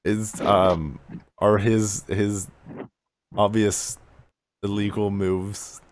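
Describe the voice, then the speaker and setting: A man playing a tabletop game, talking casually in a wry, unhurried way. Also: lowish voice, level tone. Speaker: player.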